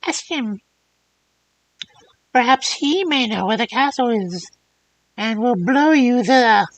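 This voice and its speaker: A woman voicing an old crone in a fairy tale, with a high, cracked voice. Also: animated, takes it slowly, poor audio. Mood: cryptic.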